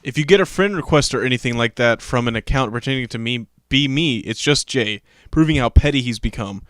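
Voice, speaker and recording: Young male co-host, mid pitch, wry and deadpan sidekick, dry close sound. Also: brisk, no room sound. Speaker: podcast co-host. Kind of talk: casual chat.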